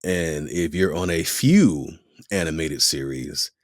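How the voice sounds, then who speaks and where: With a slow bass voice, this voice actor guest talks casually in an interview, animatedly acting out the voices he quotes. The sound is dry and studio-quality.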